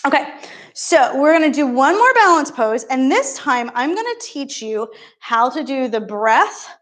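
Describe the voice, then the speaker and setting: A woman yoga instructor talking a beginner class through poses and breathing, with encouraging, playful step-by-step cues. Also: fairly high pitch.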